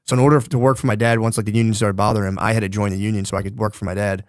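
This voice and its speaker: A man from the Philly area talks quickly on a podcast, dropping deadpan, profane jokes. His mid-range voice sits close and dry on the mic. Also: on the low side, no echo. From Philadelphia area. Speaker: podcast co-host. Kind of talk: casual chat.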